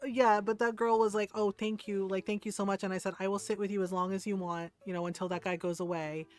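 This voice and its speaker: A woman's voice: medium pitch, flat delivery, quick pace. A woman streamer chatting casually while gaming, rambling with lots of fillers and asking "right?" often, over faint background music.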